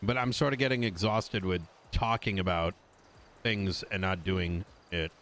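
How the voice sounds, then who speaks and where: Man, lowish voice, blunt, fired-up, swears, in-character voice chat. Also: unhurried, fairly bright tone, slight background noise.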